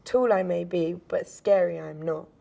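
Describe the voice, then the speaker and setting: A woman voicing a tall, gentle young female werewolf who speaks softly and sounds hurt. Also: fairly low pitch, normal speed, creaky. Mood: hurt, pleading.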